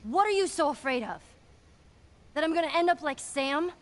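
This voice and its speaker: A woman's voice: high voice, expressive, moderate pace. An actress voicing a defiant teenage girl survivor in a video game, angry and swearing.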